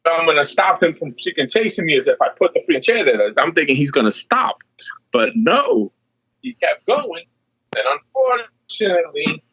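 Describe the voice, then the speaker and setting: Dude calling in on a bad connection, husky and kinda high, pitch jumps all over, rambling. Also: male voice, big pitch swings, moderate pace, a bit bright, no echo. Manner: rambling, lots of fillers. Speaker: podcast guest. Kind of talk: casual chat. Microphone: remote call with a weak signal. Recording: dull lo-fi call line.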